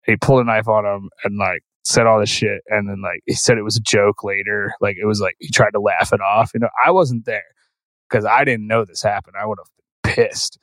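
A man's voice: lowish voice, fairly even intonation, brisk, fairly bright tone, dry recording, rough recording. Rambling profane man telling tour stories. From Philadelphia. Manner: rambling, says "like" constantly, profane. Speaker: podcast guest, musician. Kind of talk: casual storytelling.

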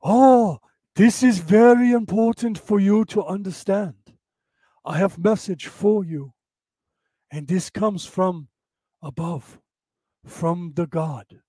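A man putting on a slow solemn foreign guru. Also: sits high, mellow, slightly rough, no echo, full character voice. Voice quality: broken English, halting slow delivery.

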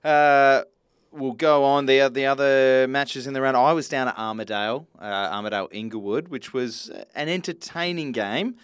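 A man's voice: mid-range voice, moderate pace, clear, resonant tone, dry recording, clean studio sound. A man, co-hosting a casual sports podcast, talking in a blunt, chatty way and swearing freely. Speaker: podcast co-host.

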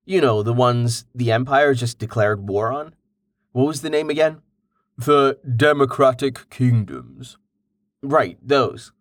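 Male narrator as curious young man, pushy with questions, unhurried delivery. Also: mid-range voice, no echo, clean studio sound, close to an everyday voice. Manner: inquisitive, exasperated questions.

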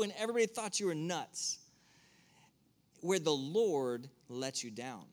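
A man with a slightly high, animated voice preaches at a measured pace before a church audience. The sermon feels like a conversation, with questions aimed straight at the people in the room.

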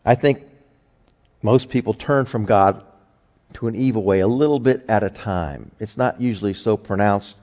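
A man's voice: on the low side, moderate pace, a little mellow. A man preaching a sermon in a folksy, conversational way, telling homespun stories. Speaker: pastor. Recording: long hall reverb.

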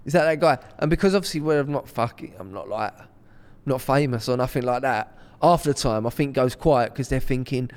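A man's voice: medium pitch, a little fast, a little mellow, clean tone, in a large hall. A man, co-hosting a podcast with blunt, sweary storytelling. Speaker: podcast co-host. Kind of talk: casual banter.

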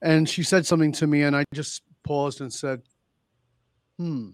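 A man who is a leadership consultant, telling client stories on a podcast and acting out the dialogue with lively emphasis. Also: on the high side, normal speed, dry recording, studio quality. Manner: animated, acts out quoted dialogue. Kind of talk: podcast interview storytelling.

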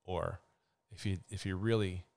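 A man's voice: deep voice, steady tone, a little slow, creaky, a little mellow. A man hosting a solo podcast who answers a listener's question and thinks aloud as he talks, with rambling restarts. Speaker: podcast host.

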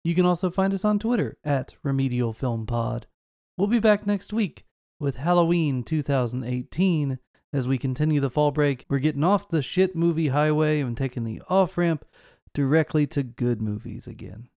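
A man's voice: a little high, expressive, moderate pace, gravelly, few pauses, a little mellow, dry recording. A man hosting a podcast, chatting casually with wry, dry humor into a podcast microphone. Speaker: podcast host.

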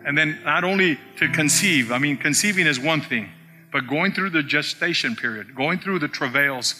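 A man preaching in a church sanctuary, his slightly high voice building into emphatic repeated phrases. A long reverb hangs on his words, and clear instrumental music plays underneath. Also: lively intonation, moderate pace, bright, forceful tone. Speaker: pastor. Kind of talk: sermon.

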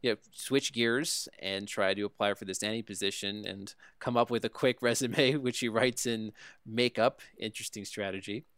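A man's voice: lowish voice, fairly even intonation, normal speed, a bit bright, clear, resonant tone, no room sound. A man hosting a podcast, recapping a TV episode in easy conversational chat and often checking in with "right?". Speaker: podcast host recapping a TV show. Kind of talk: casual review chat.

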